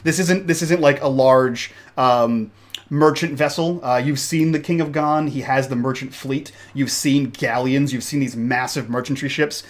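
A man at mid pitch runs a tabletop role-playing game, describing the action in a loose, off-the-cuff narration. He pauses and restarts as he builds the scene, then turns it back to the players. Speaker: game master.

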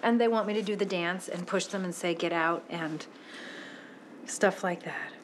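An actress in an interview, telling a casual anecdote with self-mocking laughs. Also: female voice, on the low side, moderate pace, slight background noise. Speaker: actor interviewed about a sitcom.

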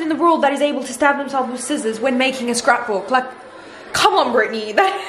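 A woman's voice: sits high, animated, fast talker, fairly bright tone, slight background noise. A young woman, talking casually to camera in a rambling, chatty vlog. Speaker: vlogger.

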